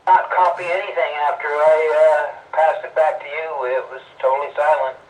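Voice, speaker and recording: A man on an amateur radio net, talking haltingly with many "uh"s, heard through an echoey, distant radio link. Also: on the high side, flat delivery. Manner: halting, lots of "uh". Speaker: ham radio operator, net participant. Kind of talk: casual radio chat.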